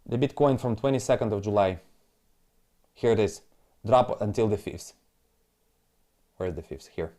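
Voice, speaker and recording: A man's voice: on the low side, mellow. A man on a live crypto trading stream who walks through price charts. He rants angrily with lots of swearing and repeats himself, in broken, non-native English. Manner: angry, profane, repetitive ranting.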